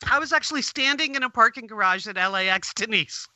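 Middle-aged woman guest, animated storyteller; very bright, sharp tone, dry recording. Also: on the high side, quick pace, dry recording. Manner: animated, recounts events at length. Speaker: podcast guest. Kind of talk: casual interview storytelling.

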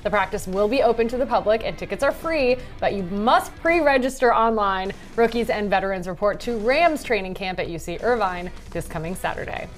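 Woman co-host reading sports news briskly. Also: mid-range voice, expressive, soft background music. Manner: brisk, joking. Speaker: morning show co-host.

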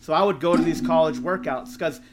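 A middle-aged man, co-hosting a podcast and telling stories in an animated way, swearing freely. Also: fairly high pitch, a little fast, heavy background noise. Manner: animated storyteller, swears freely, acts out quotes. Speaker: podcast co-host. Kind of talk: casual storytelling chat.

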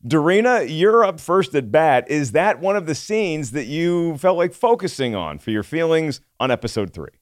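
Man, podcast host, smooth voice, dry sound, opinionated, joking. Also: a little high, big pitch swings, normal speed, few pauses, no echo. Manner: chatty, opinionated, self-deprecating jokes. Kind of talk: casual panel discussion.

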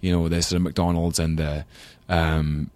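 A man with a London English accent talks as a guest on a talk show, thoughtful and rambling, quick to laugh. His voice is very low and the sound is dry and close. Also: little pitch movement, darkish tone, no room sound. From England. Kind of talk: casual chat.

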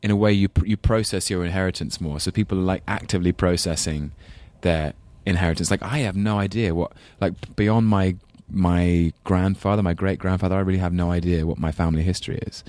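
English guy w london accent rambling on a chat show, deep voice, dry sound. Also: fairly even intonation, darkish tone, no echo. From England. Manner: rambling, self-deprecating, quick to laugh. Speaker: guest actor. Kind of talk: casual chat.

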